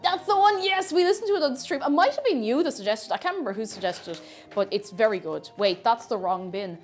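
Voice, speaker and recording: A woman's voice: fairly high pitch, lively intonation, fast, faint music behind. A woman streamer chatting playfully while she cooks on a livestream, now and then breaking into silly noises. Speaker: livestreamer and VTuber. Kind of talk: casual chat while cooking on a livestream.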